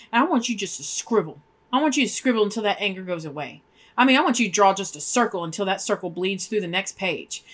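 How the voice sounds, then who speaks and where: A woman with a rather high, fairly bright voice co-hosts a faith podcast. She speaks emphatically and preachily, acting out prayers as she talks.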